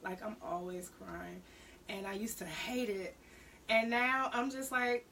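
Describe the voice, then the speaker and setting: A woman, a guest on a radio chat, animated and laughing, calling people honey. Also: on the high side, moderate pace, distant mic, background noise. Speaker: guest love coach. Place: radio studio. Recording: voice a bit off-mic.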